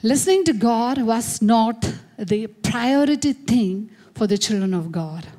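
Slow, emphatic woman preaching a sermon. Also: a little high, expressive, mellow. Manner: emphatic preaching with call-and-response repetition. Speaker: pastor. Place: church service.

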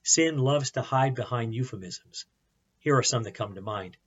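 A man's voice: medium pitch, moderate pace, breathy edge, muffled recording. A male pastor delivering an earnest sermon that mixes scripture reading, rhetorical questions and light humor.

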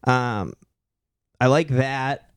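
A man's voice: mid-range voice, very slow, smooth, no echo. Laid-back young man, casual chat. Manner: laid-back, swears a lot, says "dude" often. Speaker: podcast co-host, actor and comedian.

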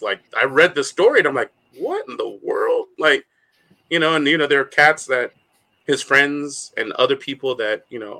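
A man's voice: medium pitch, sharp tone. A man co-hosting a casual podcast chat, rambling with many fillers and restarts.

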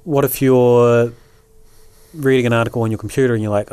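A New Zealand man co-hosts a podcast, chatting casually in a relaxed, rambling way full of fillers. His medium-pitched voice is smooth and a little quick, recorded close with no room sound.

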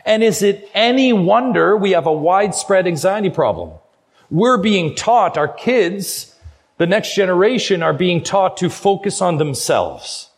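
A middle-aged man preaching a sermon with a slightly raised pitch. He is earnest and urging as a guest pastor, and he drags out the key phrases for weight. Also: animated, unhurried, husky. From Canada.

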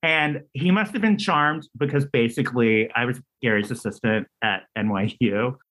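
A man's voice: normal speed, rough recording. A man, a playwright and screenwriter, telling stories casually as an interview guest, talking freely with many restarts. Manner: animated storyteller, acts out quoted dialogue with big pitch jumps; talkative, many fillers and restarts.

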